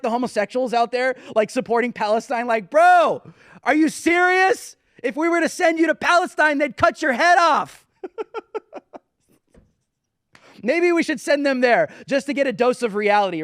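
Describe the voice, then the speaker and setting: Man, show host, very high voice, dry recording, mocking emphatic rant. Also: no echo. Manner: emphatic, mocking, talks to viewers as guys and dude. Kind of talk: ranting commentary.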